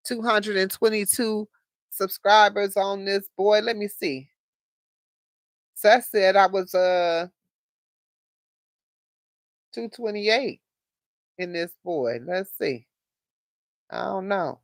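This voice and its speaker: A woman's voice: medium pitch, slow pace, long pauses, no echo, clean studio sound. A woman hosting a casual live stream, chatting straight to her viewers and laughing often. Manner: laughs often, talks to chat directly. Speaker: livestream host.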